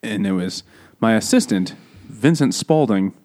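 A man's voice: fairly low pitch, animated, a little slow, darkish tone. Joking man retelling a story. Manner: crude, joking retelling with acted-out voices. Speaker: podcast co-host. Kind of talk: casual comedic book chat over beers.

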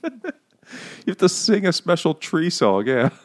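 A man casually retelling a novel's plot for laughs, crude and animated, often breaking into laughter and quick voiced quotes. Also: on the high side. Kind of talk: casual comedic book recap.

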